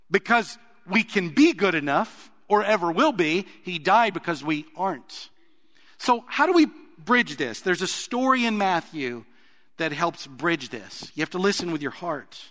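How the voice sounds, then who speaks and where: Man, preacher, sermon, conversational, asks the audience questions, forceful tone, echoing hall. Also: high-pitched. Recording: long reverb of a large hall.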